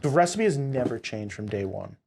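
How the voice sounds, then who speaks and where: Animated young man telling stories. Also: medium pitch, a little fast, creaky, a little hiss or hum. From Boston, USA. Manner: animated, swears, acts out quotes. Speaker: company founder, guest. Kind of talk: casual storytelling interview.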